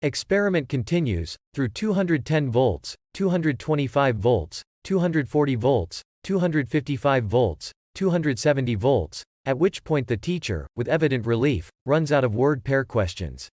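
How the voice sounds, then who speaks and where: A man reads a script aloud, stating stage directions plainly. His pitch moves lively. The recording is dry and close. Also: moderate pace, few pauses, no echo. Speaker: reader.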